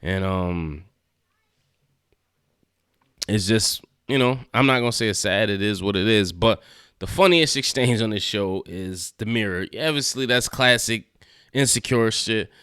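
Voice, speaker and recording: A man with a smooth, slightly low voice gives a relaxed, slangy recap of a TV episode. He chuckles as he retells scenes. The sound is dry and close, with no room around him. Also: a little slow, dry recording. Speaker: TV show reviewer. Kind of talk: casual recap and review.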